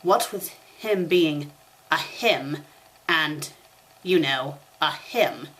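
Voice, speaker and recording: A woman's voice: sits low, animated, drawn-out words, fairly bright tone, full character voice, rough recording. Woman doing a flustered British schoolboy. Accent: put-on British. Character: teen schoolboy wizard, flustered and grumpy.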